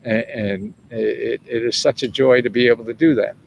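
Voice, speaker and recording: A man in his seventies talks in an easygoing, rambling way, often chuckling and starting his sentences over. His voice is gravelly at a medium pitch. Faint background noise sits under it. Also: steady tone, moderate pace, darkish tone, highs cut off. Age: 70s. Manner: rambling and chuckling, with frequent restarts and swearing. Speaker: host answering viewers' questions about government money. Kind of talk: casual livestream chat.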